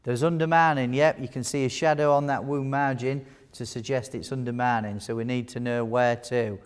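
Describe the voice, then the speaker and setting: A man's voice: mid-range voice, fairly even intonation, normal speed, clear, resonant tone. A man giving a live wound care teaching talk, chatty and jokey, quizzing his audience. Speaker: wound care nurse presenter. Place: large hall with audience. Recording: long hall reverb.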